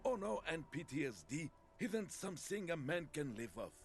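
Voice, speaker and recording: A man's voice: a little high, very animated, normal speed, faint music behind. An actor voicing a wry male character in a video game, speaking in a dry, mocking manner.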